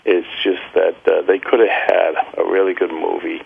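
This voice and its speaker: Gravelly-voiced man on a phone line. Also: deep voice, flat delivery, normal speed. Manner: blunt, plain-spoken, with many "uh"s. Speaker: radio guest, author. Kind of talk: phone-in interview.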